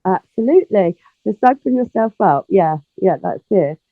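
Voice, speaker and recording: Over a tinny, dry phone line, a middle-aged woman with a mid-range voice speaks at a moderate pace. As an interview guest she's an animated storyteller, acting out dialogue and using plenty of fillers in casual conversation.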